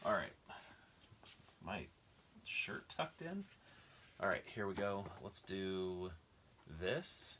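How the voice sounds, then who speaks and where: A man's voice: sits low, very animated, takes it slowly, pauses often, sharp tone, slight background noise. A young American man chatting casually about his movie collection, thinking aloud with lots of ums and restarts. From United States. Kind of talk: casual rambling commentary.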